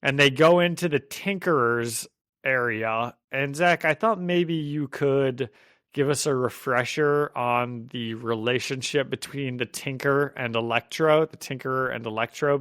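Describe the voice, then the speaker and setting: A man hosting a casual comic book podcast, animated and quick to laugh. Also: mid-range voice, smooth, no room sound, clean studio sound. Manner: animated, laughs often, acts out quotes. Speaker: podcast host.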